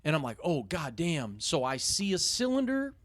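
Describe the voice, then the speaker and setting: A young man telling a story as a podcast guest, swearing constantly and animated, often laughing at his own anecdote. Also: high-pitched, brisk, dry recording. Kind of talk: casual storytelling in a podcast interview.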